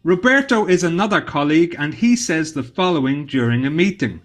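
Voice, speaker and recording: Guy reading out a business english lesson, kinda high voice, soft music behind. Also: lively intonation, a little fast. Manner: clear, model phrases for repetition. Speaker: recorded lesson narrator. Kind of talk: scripted teaching narration.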